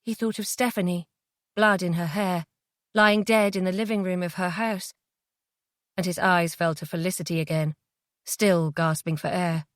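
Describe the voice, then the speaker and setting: A woman reading a suspense audiobook in a measured, dramatic way on a close studio mic. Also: fairly low pitch, steady tone, dry recording. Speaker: audiobook narrator. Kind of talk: scripted narration.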